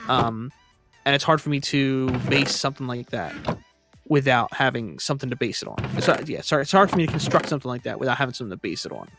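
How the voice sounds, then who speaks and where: A man's voice: mid-range voice, animated, quick pace, music in the background. A man streaming live, chatting casually and rambling with frequent restarts, sounding exasperated. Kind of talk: casual livestream chat.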